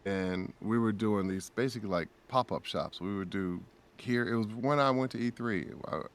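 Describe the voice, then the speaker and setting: A man's voice: lowish voice, normal speed. A man telling a heartfelt story on a casual podcast, acting out quoted dialogue with a raised voice and speaking openly about faith and prayer. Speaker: guest voice actor.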